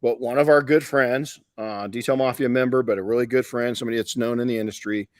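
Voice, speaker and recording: A man's voice: mid-range voice, fairly even intonation, fast talker, dry recording, clean studio sound. A middle-aged man hosting a live podcast, telling stories in a rambling, folksy way with many restarts. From Southern California. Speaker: podcast host and detailing educator.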